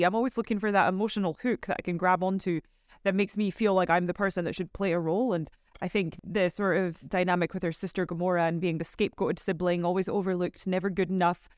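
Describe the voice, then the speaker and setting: Woman, actor guest, casual interview, chatty, laughs easily, mid pitch, dry sound. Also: no echo.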